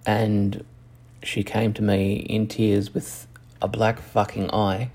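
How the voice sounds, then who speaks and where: A young man telling a personal story frankly and profanely, halting often with restarts. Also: on the low side, little pitch movement, darkish tone. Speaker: channel host.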